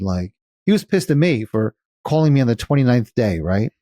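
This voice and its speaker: Guy telling a story on a podcast, dark mellow voice, blunt, swears a lot, dry sound. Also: mid-range voice, normal speed, no echo. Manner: animated, blunt, swears casually, acts out dialogue. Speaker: guest, cost segregation firm founder. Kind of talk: casual interview storytelling.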